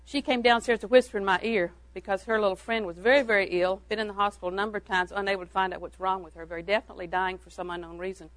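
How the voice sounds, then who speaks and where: An older woman speaks in a folksy, homespun storytelling manner, chuckling now and then as she moves from one anecdote to the next. Her voice sits at an ordinary middle pitch for a woman. The sound is dry and close, with no room echo. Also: fairly even intonation, rapid-fire, hardly any pauses. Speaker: church speaker on parenting. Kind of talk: folksy storytelling talk to an audience.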